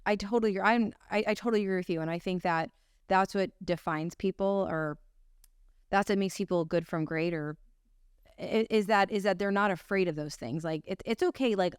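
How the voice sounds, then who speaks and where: A woman hosting a podcast, talking casually and emphatically, quick to agree, sometimes swearing. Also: medium pitch, clean tone, no echo, clean studio sound. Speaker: podcast host.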